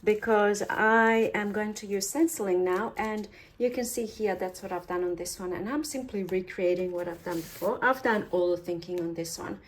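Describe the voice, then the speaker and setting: A woman walks through a craft project step by step in an easygoing, conversational way. She thinks aloud and adds offhand asides as she works at home. Her voice sits at a middling pitch. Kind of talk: casual step-by-step craft tutorial.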